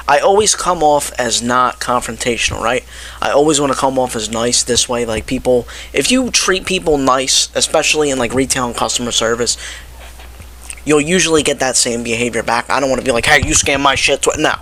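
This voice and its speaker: Bright-voiced young man ranting casually. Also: mid-range voice. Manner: animated, exasperated, quotes people in his telling. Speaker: vlogger. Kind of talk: casual ranting story to camera.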